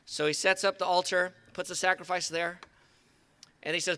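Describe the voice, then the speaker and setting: A man delivers an outdoor sermon in a high, bright voice. He tells the stories conversationally, with an animated pulse that leans toward his listeners. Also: fast. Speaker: pastor. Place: outdoor service.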